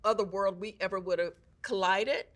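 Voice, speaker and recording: Bright-voiced woman, animated storyteller. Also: normal speed. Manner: acts out quoted voices with big jumps in pitch; frequent "like" and "so anyway". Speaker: guest. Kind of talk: casual chat, storytelling.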